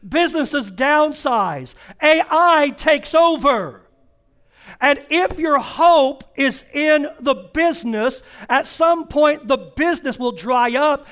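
A male pastor preaching a sermon in a church, driving points home with repeated phrases and slowing down to stress key words. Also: extremely high pitch, a bit bright. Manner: emphatic repetition, slows down for stress. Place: church sanctuary.

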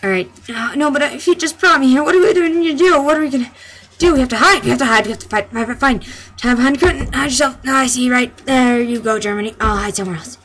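A woman's voice: high voice, quick pace, a bit bright. A woman playing through a game and reading its dialogue aloud with melodramatic voices, laughing between lines. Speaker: let's play gamer voicing game dialogue. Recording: game music playing behind.

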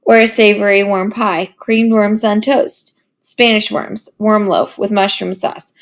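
A playful, curious father who teases and eggs on the fun, read aloud by a woman. He is eager and lively in a storybook reading, sitting close to the reader's own voice. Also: mid-range voice, measured pace, close to an everyday voice. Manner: teasing, enthusiastic.

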